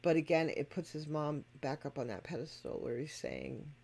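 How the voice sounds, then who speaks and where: A music reaction host talks straight to the viewers at a mid pitch, stressing each point as they explain it. The delivery is casual and conversational. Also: normal speed, vocal fry, a little mellow, breathy edge. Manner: emphatic and explanatory, addresses viewers directly. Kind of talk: casual spoken commentary to viewers.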